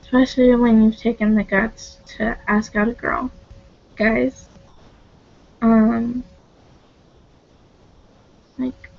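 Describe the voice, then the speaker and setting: A tearful woman confides to her camera in a slow, unhurried, gravelly voice, pausing often and searching for words. Her tone sits a little high, and the recording is dull and lo-fi. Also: level tone, a little mellow. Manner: halting, heartfelt, hesitant with many pauses. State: tearful, on the verge of crying. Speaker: vlogger. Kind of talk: confessional vlog monologue.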